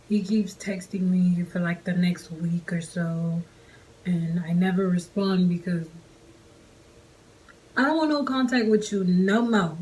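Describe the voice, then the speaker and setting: Animated young woman telling a story. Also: unhurried, a little hiss or hum, rough recording. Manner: animated, slangy storytelling with big pitch jumps on quoted lines. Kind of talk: casual storytime vlog.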